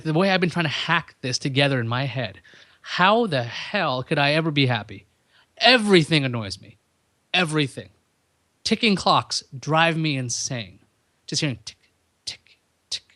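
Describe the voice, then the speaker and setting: A man's voice: on the high side, fairly bright tone, no echo. Rambling male podcast host, dry sound. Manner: rambling, self-deprecating, stream of consciousness. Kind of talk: solo podcast monologue.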